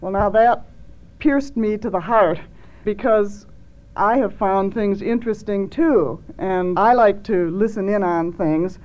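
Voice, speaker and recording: A woman's voice: medium pitch, a little slow. A woman children's author talking thoughtfully on an educational radio program. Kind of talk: reading her own story, then radio conversation. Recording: dull lo-fi old radio recording.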